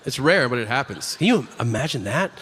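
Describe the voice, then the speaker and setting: A man's voice: mid-range voice, very animated, brisk, fairly bright tone, breathy edge, big-room sound. A man doing a stand-up comedy routine on stage before a live audience, telling profane stories and acting out the characters in them.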